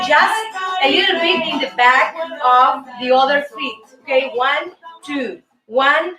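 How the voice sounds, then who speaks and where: High woman counting dance steps. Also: animated, takes it slowly, music in the background. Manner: counts steps aloud, playful. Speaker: host and dance teacher. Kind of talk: casual dance lesson. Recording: roomy sound from a distance.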